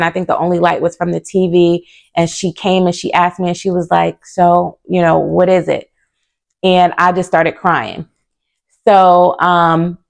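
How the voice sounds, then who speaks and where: A young woman vlogger tells a personal story to camera, casual and earnest, candid and packed with fillers, sometimes close to tears. Her voice is lowish with vocal fry.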